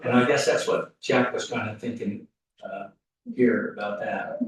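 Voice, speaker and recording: A man giving a rambling, folksy eulogy at a funeral service, full of halting restarts. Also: lowish voice, fairly even intonation. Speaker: funeral speaker. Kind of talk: eulogy storytelling. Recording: echoey hall, mic off at a distance.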